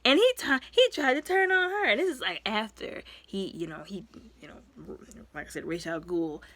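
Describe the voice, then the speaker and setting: A woman giving a casual, rambling recap of a movie as a reviewer. She talks in a lively, expressive way, full of asides and fillers. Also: moderate pace, no room sound. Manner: lively and expressive, with sudden jumps in pitch and loudness.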